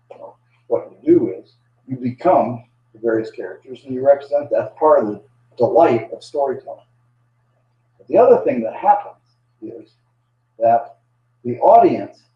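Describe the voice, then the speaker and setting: Guy lecturing on storytelling, slow and halting, lots of uhs, echoey room. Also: medium pitch. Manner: halting, with frequent "uh" fillers. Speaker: biblical storyteller, presenter. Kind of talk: lecture to a live audience. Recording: dull, distant, echoey room sound.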